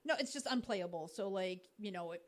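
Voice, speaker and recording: A woman's voice: mid-range voice, expressive, brisk. A woman co-hosting a casual sports podcast, patiently explaining cricket slang through baseball comparisons. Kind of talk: casual chat. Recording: podcast recording.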